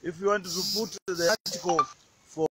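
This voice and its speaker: A man's voice: sits high, fairly even intonation, moderate pace, background noise. A man giving a casual outdoor language lesson by a lake, repeating words often and hesitating with many fillers. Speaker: language teacher.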